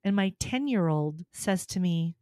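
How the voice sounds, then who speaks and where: A woman's voice: on the low side, measured pace, no echo, studio quality. A middle-aged woman, a soprano and voice teacher, chatting on a podcast and telling stories with lots of laughter and acted-out dialogue. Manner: lively storyteller, laughs often, acts out dialogue. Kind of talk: casual podcast chat.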